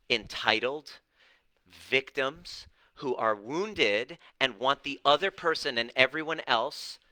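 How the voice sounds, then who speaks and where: The voice is mid-range, bright and forceful, coming through poor audio with no echo. It belongs to a middle-aged man who coaches on relationships and healing, answering viewers on camera in a blunt, preachy style full of profanity and mocking impressions.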